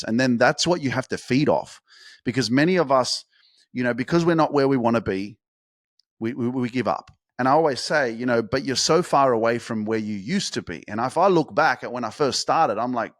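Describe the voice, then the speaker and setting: A man's voice: mid-range voice, no echo, clean studio sound. A man hosting a podcast, giving a blunt motivational monologue full of swearing and repeated emphasis. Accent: Australian. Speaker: podcast host.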